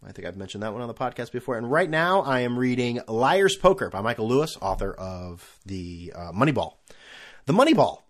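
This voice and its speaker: A young man talks alone on his podcast in a loose, rambling way. His pitch swings widely as he jumps between topics, and he keeps undercutting himself with sarcastic jokes. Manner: rambling, self-mocking, sarcastic asides. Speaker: podcast host. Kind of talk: casual solo podcast monologue.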